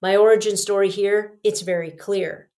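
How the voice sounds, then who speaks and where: A podcast host with a mid-range voice shares a personal story at a normal speed. She's animated and emphatic, alternating between hushed asides and punchy, loud lines.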